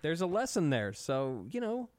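A man chatting casually on a podcast, telling stories in an animated way with plenty of swearing. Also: on the high side, normal speed, no room sound. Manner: profane, animated storytelling. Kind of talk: casual chat.

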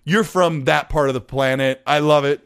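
A man in his forties co-hosting a casual gaming chat, animated and joking with rambling asides. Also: on the high side, normal speed, smooth, no room sound, studio quality. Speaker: podcast co-host.

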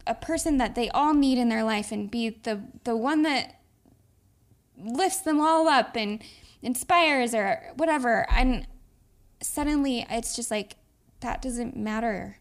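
A woman's voice: a little high, unhurried. A woman co-hosting a podcast, talking in an earnest, reflective, heartfelt way. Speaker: podcast co-host. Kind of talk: casual heartfelt chat.

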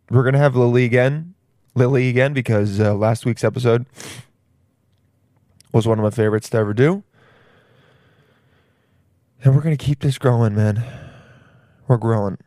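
A man's voice: mid-range voice, a little mellow, no echo, studio quality. A man hosting his own podcast, rambling casually in slang and calling the listener "dude". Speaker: podcast host. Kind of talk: casual solo podcast monologue.

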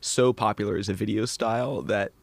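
A man co-hosting a podcast, easygoing and casual, often chiming in with quick agreement. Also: fairly low pitch, steady tone, creaky, no echo. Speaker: podcast co-host. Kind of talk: casual chat.

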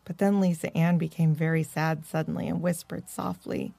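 A woman narrating a children's story in a gentle, expressive reading voice. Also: low voice, normal speed, vocal fry, hardly any pauses, no room sound. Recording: dry close-mic recording.

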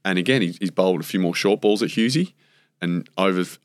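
Speaking quickly in a low register, this ex-cricketer from Australia drifts through anecdotes as an interview guest, using plenty of fillers and voicing the quotes himself. The talk is casual storytelling, recorded in the studio with no echo.

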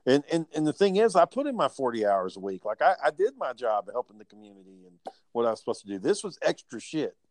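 A man telling work stories in casual chat, animated and profane, acting out the people he quotes. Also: medium pitch, fast, no room sound.

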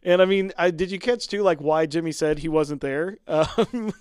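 A man co-hosting a podcast, chatting casually about a TV episode, animated and laughing often as he acts out the characters' lines. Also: on the high side, moderate pace, clear, resonant tone, dry recording, studio quality. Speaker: podcast co-host. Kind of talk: casual chat recapping a TV episode.

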